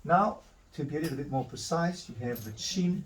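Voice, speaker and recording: A man's voice: fairly high pitch, expressive, moderate pace, far from the mic, slight background noise, rough recording. Man explaining a drawing step by step. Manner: talks through each step, correcting himself as he draws. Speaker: art instructor. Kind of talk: live drawing demonstration.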